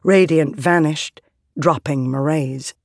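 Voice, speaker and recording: Slow, measured audiobook narrator. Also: mid-range voice, no echo, clean studio sound. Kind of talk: scripted narration.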